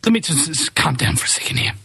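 A man's voice: quick pace, sharp tone, dry recording. A man with a New Zealand accent, ranting heatedly about politics in casual chat and swearing freely.

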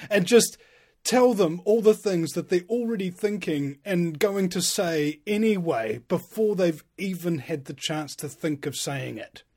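A man hosting a podcast, talking emphatically with halting restarts. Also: high-pitched, darkish tone. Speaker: podcast host. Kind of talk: casual podcast chat.

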